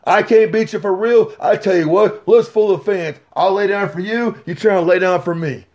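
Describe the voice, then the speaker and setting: A man's voice: high-pitched, moderate pace, darkish tone, highs cut off. A man telling a wrestling story as a podcast guest, boisterous and profane, acting out the scenes.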